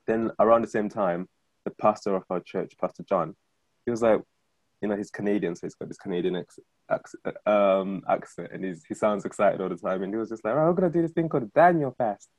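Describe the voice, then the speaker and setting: A man in his thirties speaks quickly and casually as he recounts his own story, often checking in with "do you know what I mean?" His voice sits on the low side with a husky edge. The sound is dry and close. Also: fairly even intonation, dry recording. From Zimbabwe. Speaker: guest, freelance director. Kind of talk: personal testimony in conversation.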